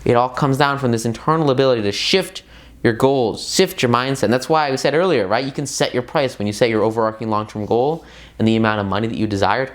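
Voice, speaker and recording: A man's voice: mid-range voice, fast. A man talks through a self-help book in a loose, motivational way. He keeps pushing his points with repeated words and eager emphasis, and often wanders off into casual side stories. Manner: excitable and emphatic, repeats words for stress, addresses viewers as "guys"; loose and rambling, with many fillers and side tangents.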